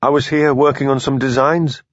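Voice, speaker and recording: A man voicing a small, sharp-tongued woman designer with a Yorkshire accent who answers curtly and defensively in an audiobook. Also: mid-range voice, little pitch movement, moderate pace, no echo, muffled recording, pitched above the performer's own voice, lightly acted. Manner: curt, defensive, prickly.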